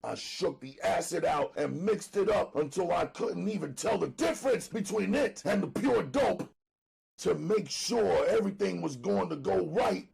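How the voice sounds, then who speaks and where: A man narrating an audiobook dramatically, loud and emphatic, often near shouting. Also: sits high, gravelly, slightly rough.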